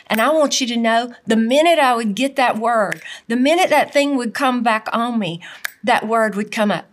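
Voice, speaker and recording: A woman's voice: a little high, moderate pace. A middle-aged woman preaching a sermon in an earnest, emphatic way, often repeating her phrases.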